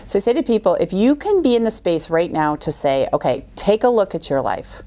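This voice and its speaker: A middle-aged woman talking as a podcast guest, an animated storyteller who acts out quoted voices. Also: medium pitch, brisk. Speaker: guest coach. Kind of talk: podcast interview.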